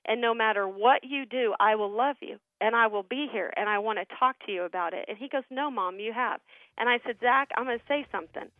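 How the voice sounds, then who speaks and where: A middle-aged woman, a ministry founder, telling family stories as a radio interview guest in an earnest, animated way. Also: on the high side, fast, hardly any pauses, dry recording. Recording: tinny phone line.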